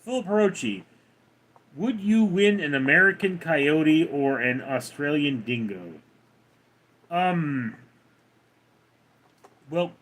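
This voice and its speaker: A man's voice: fairly high pitch, fairly bright tone. A man hosting a casual livestream, reading out chat names and answering them one by one in a drawl.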